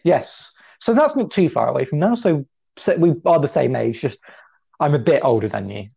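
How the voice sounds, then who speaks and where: A man of twenty co-hosting a casual podcast chat, talkative and self-deprecating, his pitch often jumping up. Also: normal speed, creaky, slightly rough. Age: 20s. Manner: chatty, self-deprecating, lively pitch jumps. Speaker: podcast co-host.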